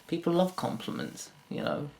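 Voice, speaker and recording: Crude, rambling comedian. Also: male voice, huge pitch swings, normal speed, gravelly, a little mellow, a little hiss or hum. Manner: crude, self-mocking, jumps into high silly put-on voices. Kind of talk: rambling stand-up monologue to camera.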